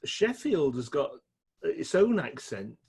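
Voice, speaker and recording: A middle-aged man with a Yorkshire accent, telling stories in a chatty, animated way as an interview guest. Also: fairly high pitch, slow pace, creaky, slightly rough. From England. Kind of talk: casual storytelling chat.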